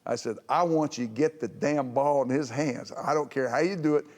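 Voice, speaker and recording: A man's voice: mid-range voice, fairly quick. An older man, a former head coach, telling folksy, boisterous stories on a reunion panel and laughing through his punchlines. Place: large event hall. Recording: echoey hall.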